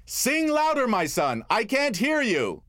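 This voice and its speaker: A man voicing his hot-tempered, grandiose middle-aged father in a comedic storytelling monologue, booming and profane. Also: huge pitch swings, slow pace, fairly bright tone, no room sound, clean studio sound, exaggerated voice. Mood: coaxing.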